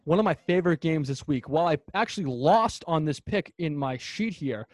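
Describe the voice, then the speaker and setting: A man co-hosting a sports podcast, ranting fast and animatedly about football in casual chat. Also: fairly high pitch, lively intonation, no room sound. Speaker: podcast co-host.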